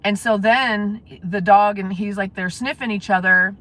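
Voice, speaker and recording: A woman's voice: medium pitch, fairly even intonation, unhurried, fairly bright tone. A woman live-streaming from her car, chatting casually with viewers and laughing often. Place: in a parked car.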